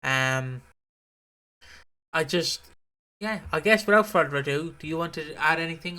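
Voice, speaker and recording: A man's voice: on the high side, animated, moderate pace, long pauses, sharp tone. A man co-hosting a podcast in casual chat, rambling and swearing freely. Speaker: podcast co-host.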